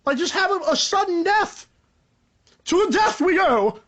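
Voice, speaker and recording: A young man hosting a solo sports podcast, ranting in a rambling, animated, joking way. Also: a little slow. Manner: animated, rambling, joking, pitch jumps up for emphasis. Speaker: podcast host.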